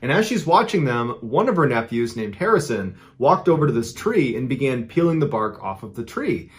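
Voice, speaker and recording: A man's voice: medium pitch, moderate pace. Man narrating a true story. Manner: conversational, deadpan joking in the intro. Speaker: channel host and storyteller.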